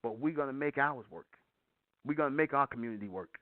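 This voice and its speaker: A man's voice: medium pitch, animated, brisk, dry recording. A man hosting a call-in show, lecturing his listeners in an emphatic, repetitive way. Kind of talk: preachy call-in monologue. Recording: tinny phone-like line.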